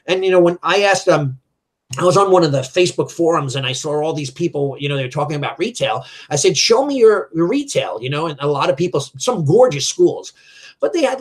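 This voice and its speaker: Man in his middle years, raised voice pitch, chatty and animated, talks business. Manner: animated, acts out quoted dialogue. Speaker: martial arts school owner. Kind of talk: storytelling in a business chat.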